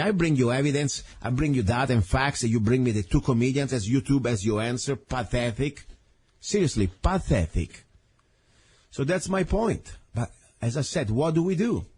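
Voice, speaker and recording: A man's voice: mid-range voice, darkish tone, slightly rough. A man hosting a talk radio show, delivering an impassioned, blunt, ranting monologue into a studio microphone.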